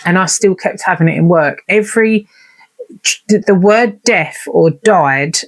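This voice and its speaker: A woman's voice: fairly low pitch, measured pace. A woman telling a personal story in a vlog, candid and unfiltered, swearing and acting out remembered conversations. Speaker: vlogger.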